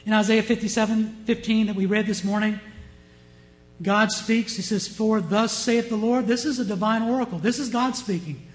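A male pastor preaching a sermon, swinging between loud emphasis and quiet asides and putting rhetorical questions to the congregation. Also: high voice, steady tone, moderate pace, rough recording.

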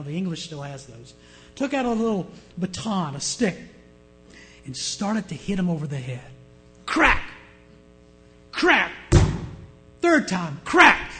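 Pastor guy preaching, pretty high voice, tells stories with punch, faint music behind. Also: rough recording. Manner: emphatic storytelling preacher. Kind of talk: sermon.

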